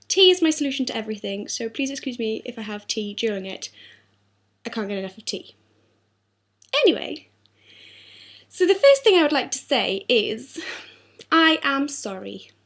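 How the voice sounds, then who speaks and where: A woman's voice: fairly high pitch, a bit bright. A young woman talking earnestly and apologetically in a personal video diary, her throat sore. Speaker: vlogger.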